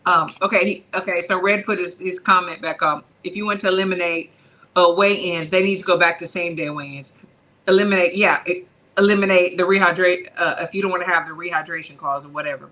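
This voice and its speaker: A woman's voice: lowish voice, fairly even intonation, fast talker, sharp tone, poor audio. A woman hosting a casual boxing talk show, chatting conversationally and reading out viewer comments. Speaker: host.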